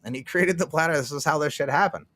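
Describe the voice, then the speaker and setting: With a slightly high, bright, forceful voice, a man from Canada fires off words rapidly while hosting a casual livestream with no room sound. He's rambling and profane, laughing often and acting out what others told him.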